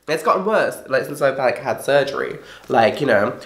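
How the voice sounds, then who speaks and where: A young woman ranting casually to camera, exasperated and swearing often, her voice rough from being ill. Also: very deep voice, sing-song, moderate pace. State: sounding ill. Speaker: vlogger. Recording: echoey room.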